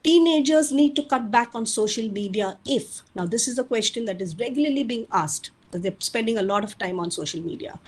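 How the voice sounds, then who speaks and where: A woman's voice: a little high, lively intonation, fairly quick, few pauses, slightly rough, rough recording. A woman giving an earnest webinar lecture with advice for parents. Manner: earnest, advising, addresses parents directly. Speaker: parenting speaker.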